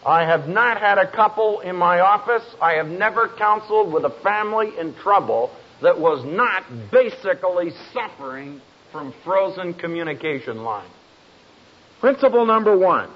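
A man speaking to an audience as a family counselor, telling stories in a slow, emphatic way with dry humor. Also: high-pitched. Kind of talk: speech to an audience. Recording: dull lo-fi recording.

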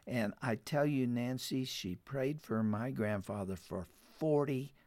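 A man telling a family story in an earnest way, who then turns to warm, urgent encouragement. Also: mid-range voice, unhurried, dry recording. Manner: heartfelt, rises to urgent appeals. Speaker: radio program guest.

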